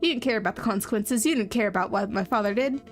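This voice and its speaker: A woman's voice: medium pitch, quick pace, close to an everyday voice. Woman reading as a bitter young rebel, accusing and intense, faint music under it.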